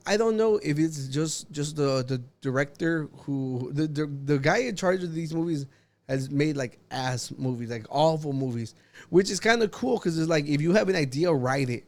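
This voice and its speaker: A man's voice: a little high, lively intonation, normal speed, a little mellow. A young man co-hosting a podcast, chatting casually and rambling with lots of fillers and laughter. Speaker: podcast co-host. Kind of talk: casual chat.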